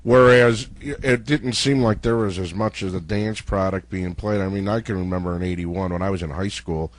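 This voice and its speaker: A man's voice: low voice, moderate pace. A man hosting a casual interview, reflecting and reminiscing about his school days.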